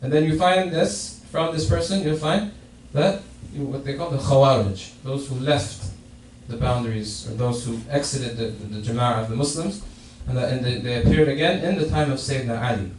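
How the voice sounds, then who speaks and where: In a mosque prayer hall, a man with a medium-pitched, darkish voice explains a hadith during a Friday sermon at a moderate pace, hardly pausing, and he often repeats and restarts phrases. The recording has echo, a distant mic, and faint noise.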